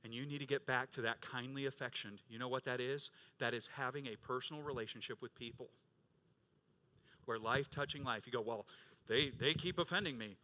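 A middle-aged male pastor preaching a sermon, rising to loud emphatic peaks and dropping to quiet low stretches, acting out quoted voices. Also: a little fast. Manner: acts out quoted voices of congregants and Jesus.

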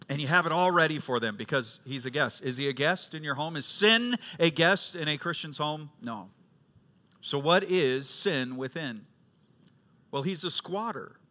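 A middle-aged man preaching a sermon as a pastor, swinging from loud emphatic questions to quiet storytelling. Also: a little high.

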